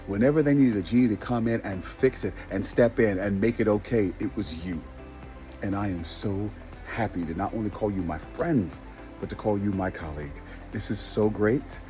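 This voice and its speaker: A man recording a video tribute to a colleague, playful at first, then heartfelt, with big swings in loudness. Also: on the low side.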